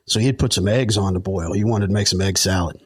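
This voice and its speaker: A man's voice: low-pitched, quick pace, breathy edge, dry recording. A middle-aged man, a podcast guest, telling stories in a rambling, chuckling way with lots of fillers. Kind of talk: casual storytelling.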